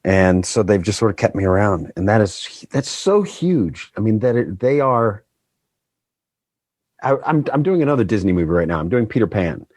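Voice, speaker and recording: A man in his fifties, a guest actor in casual chat, telling stories in an animated way. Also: fairly low pitch, moderate pace, no room sound. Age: 50s.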